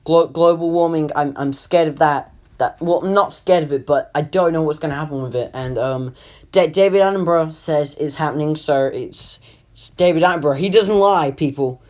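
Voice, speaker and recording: A man's voice: on the high side, normal speed. A young man narrating a comic animation in a rambling, self-deprecating way. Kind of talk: comedic voice-over narration.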